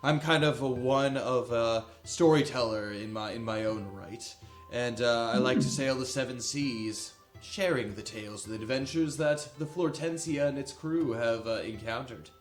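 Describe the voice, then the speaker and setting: A man doing a booming jovial ship captain. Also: moderate pace, roomy sound, faint music behind, lightly acted. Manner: loud, booming, hearty. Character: jovial boastful male ship owner and storyteller.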